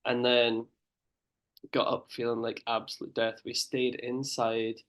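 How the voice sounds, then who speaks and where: A man's voice: medium pitch, monotone, a little slow, fairly bright tone. A man co-hosting a podcast, talking bluntly and graphically in casual chat. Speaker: podcast co-host.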